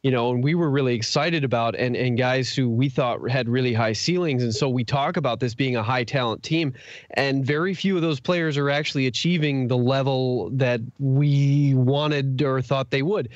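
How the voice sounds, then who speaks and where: A man's voice: medium pitch, no echo, dull audio. Thoughtful man analyzing on a podcast. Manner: measured, thinking aloud. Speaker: podcast co-host. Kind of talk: sports analysis chat.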